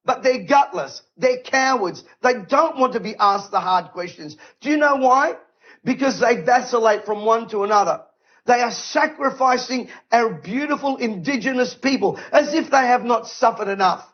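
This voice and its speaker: A man's voice: extremely high pitch, animated, moderate pace, lo-fi sound. A man preaching an impassioned sermon, emphatic and fiery, firing off repeated rhetorical questions. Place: event stage.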